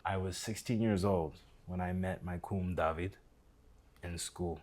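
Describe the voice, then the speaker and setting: American man, low voice, animated storyteller, casual podcast chat. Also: a little slow. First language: English. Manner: animated storyteller, acts out quoted dialogue. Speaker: podcast guest.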